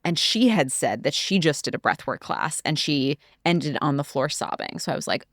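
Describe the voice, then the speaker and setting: A woman speaking as a guest, telling her story in a casual, animated way. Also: low voice, brisk, hardly any pauses, no room sound, studio quality. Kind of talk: casual conversation.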